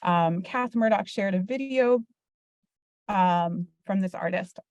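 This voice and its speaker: A woman teacher presenting to parents on a video call, explaining terms patiently and plainly. Her voice sits at a middle pitch. The sound is close and dry. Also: slow, darkish tone, no room sound, highs cut off.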